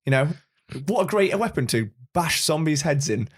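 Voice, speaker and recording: A man's voice: on the high side, big pitch swings, moderate pace. A man, co-hosting a podcast in casual chat, talking with rambling fan enthusiasm. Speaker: podcast co-host.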